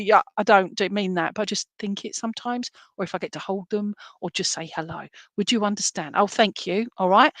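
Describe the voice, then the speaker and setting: A woman's voice: mid-range voice, dry recording. A woman giving chatty, reassuring psychic readings on a live stream, full of fillers. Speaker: psychic reader.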